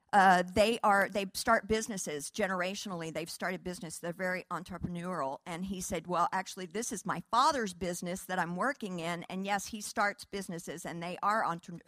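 A woman preacher telling a testimony to a church audience, animated, laughing and acting out dialogue. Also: mid-range voice, dry recording. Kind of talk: sermon testimony storytelling.

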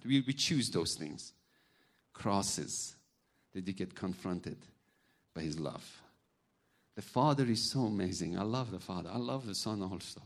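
A man's voice: lowish voice, normal speed. Man preaching. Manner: animated storytelling, acts out voices, non-native grammar. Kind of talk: sermon with personal stories.

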